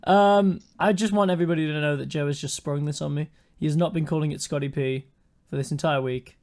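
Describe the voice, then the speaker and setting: A man's voice: on the high side, steady tone, quick pace, darkish tone. A young man, co-hosting a podcast in a joking, teasing way. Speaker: podcast co-host. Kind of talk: casual chat.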